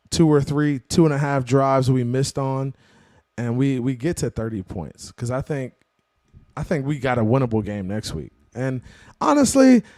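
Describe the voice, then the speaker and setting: Excitable man hosting a sports live stream. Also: medium pitch, dry recording, studio quality. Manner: slangy, animated, calls viewers "bro" and "man". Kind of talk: casual post-game sports talk, reading viewer chat.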